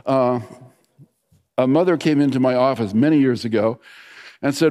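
Man, 60s, pastor, sermon, conversational storytelling, hushed prayers, mid pitch. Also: normal speed, pauses often, long reverb tail. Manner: conversational storytelling preacher, drops to a soft hush for prayers.

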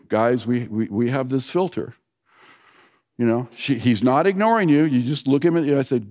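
A man's voice: medium pitch, lively intonation, normal speed, in a large hall. Man preaching a conversational sermon. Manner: conversational storytelling preacher, drops to a soft hush for prayers. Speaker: pastor.

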